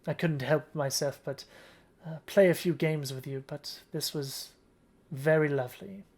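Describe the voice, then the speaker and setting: A game master voicing a calm goddess disguised as a huntress, speaking softly and graciously in a tabletop game. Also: medium pitch, unhurried.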